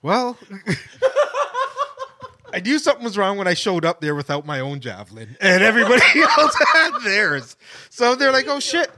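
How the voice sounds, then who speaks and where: A man's voice: high voice, big pitch swings, normal speed, sharp tone. A young man, an old friend of the host, telling stories against himself with chuckles in a casual chat. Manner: self-mocking, chuckling storyteller. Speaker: podcast guest, old friend.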